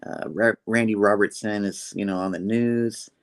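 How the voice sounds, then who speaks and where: A man's voice: fairly low pitch, fairly even intonation, moderate pace. A man hosting a comic book show, casually retelling a story with many fillers, over a video call.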